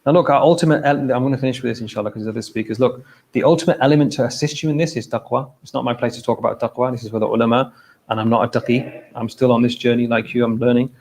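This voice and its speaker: A man's voice: mid-range voice, fairly even intonation, racing, darkish tone, a little hiss or hum, poor audio. A man giving an informal religious talk at a mosque. He speaks conversationally, repeats phrases and keeps checking in with his listeners.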